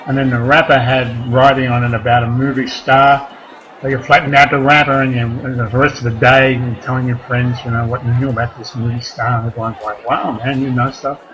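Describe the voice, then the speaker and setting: A man performing a stand-up comedy set, rambling between deadpan one-liners and crude asides. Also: medium pitch, brisk, poor audio. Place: comedy club stage. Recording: live club recording with crowd noise. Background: audience laughter and room noise.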